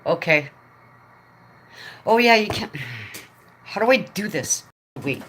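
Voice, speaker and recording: A woman hosting a casual livestream from home, chatting excitedly with viewers by name, talking into a phone propped up in front of her. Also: medium pitch, slow pace, slight background noise. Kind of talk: casual live chat.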